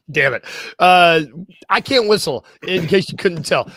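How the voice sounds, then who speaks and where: A male podcast host with a slightly high voice and a lively, bouncing delivery chats in a jokey, self-deprecating way. His voice is recorded dry and close. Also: moderate pace, dry recording. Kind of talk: casual sports podcast chat.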